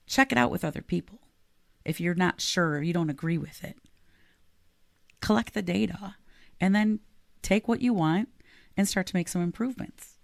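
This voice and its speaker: A woman's voice: lowish voice, normal speed, vocal fry, no room sound, studio quality. A woman podcast co-host and leadership coach, talking casually and earnestly and laughing easily.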